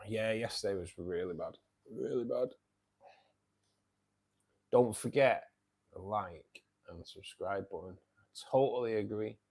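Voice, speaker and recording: A man's voice: lowish voice, a little slow, pauses often, darkish tone, breathy edge. A man with a Manchester accent hosting a casual live stream, chatting with viewers and calling them mate. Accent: Northern English, Manchester. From England. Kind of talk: casual live chat reading viewer comments.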